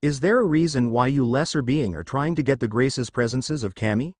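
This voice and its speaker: A man's voice: mid-range voice, expressive, brisk, a little mellow, no room sound, natural voice. A haughty teenage boy who calls everyone lesser beings, read out by a man. The voice rises and falls a lot, and the sound is close and dry. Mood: contemptuous. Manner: scornful, condescending. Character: arrogant teenage boy who thinks he is a god.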